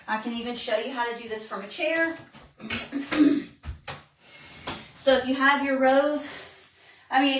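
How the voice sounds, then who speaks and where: A woman's voice: high-pitched, fairly bright tone, slight background noise. A woman fitness instructor demonstrating modified exercises live, out of breath as she coaches and counts reps. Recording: roomy, distant phone-camera sound.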